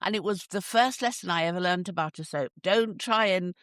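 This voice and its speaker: A woman's voice: fairly low pitch, fairly quick, no room sound, studio quality. A woman from the English Midlands hosting a casual chat. She laughs often and acts out little quotes. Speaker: host.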